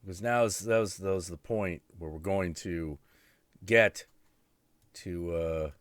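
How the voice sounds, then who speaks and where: A man's voice: sits low, a little slow, dry recording. A man hosting a live stream, chatting casually in a rambling, profane, self-mocking way. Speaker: stream host.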